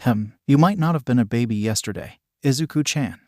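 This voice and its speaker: A man's voice: medium pitch, lively intonation, fairly quick, a little mellow, dry recording, lightly acted. Male reader as a chatty fashion-loving girl, eager, dry sound.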